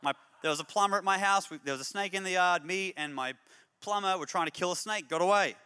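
A man preaching a humorous, energetic sermon as a pastor, moving between jokey stories and emphatic exhortation. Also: sits high, quick pace, smooth, in a large hall. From Australia. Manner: animated storyteller, jokey then emphatic and exhorting.

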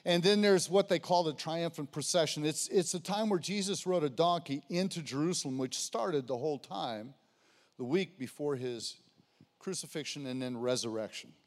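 A high-voiced male pastor preaching a sermon in a loose, conversational way, calling out to the congregation and asking them questions. His voice rings through a church sanctuary with a long hall reverb. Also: moderate pace.

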